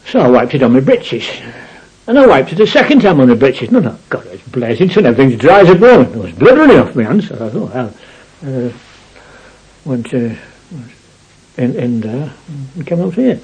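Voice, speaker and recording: A man's voice: mid-range voice, very animated, normal speed, darkish tone, husky, poor audio. An older man recounting his war memories in a rambling storytelling way, often adding "you see". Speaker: war veteran interviewee.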